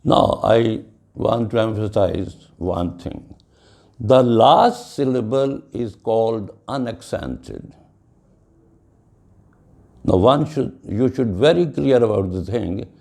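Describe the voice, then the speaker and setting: A man's voice: on the low side, expressive, slow pace, vocal fry, a little mellow. A man giving an English lecture on syllables, spelling words out letter by letter and slipping into Hindi at times. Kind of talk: classroom lecture.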